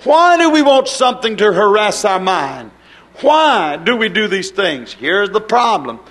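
A man with a notably high voice delivers a fervent sermon. He swings between ringing, lifted cries and low, hushed stretches, pressing his listeners with question after question. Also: very animated, measured pace. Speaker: preacher.

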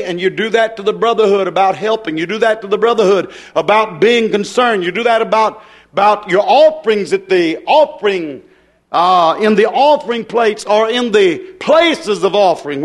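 A man preaching a sermon as pastor, with rising and falling emphasis, acting out the voices of people he quotes. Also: high voice.

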